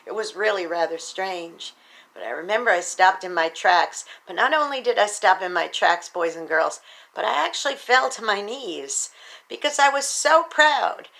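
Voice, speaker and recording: A woman's voice: fairly low pitch, fairly bright tone. An American woman telling a personal story to her viewers, earnest and patriotic, speaking to them directly. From United States. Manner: earnest and patriotic, addresses viewers as boys and girls. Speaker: vlogger and speaker.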